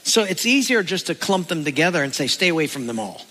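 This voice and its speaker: A man preaching a sermon, animated, asking the congregation rhetorical questions and acting out the voices he quotes. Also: a little high, fast. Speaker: pastor. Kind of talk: sermon with jokes. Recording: reverberant hall.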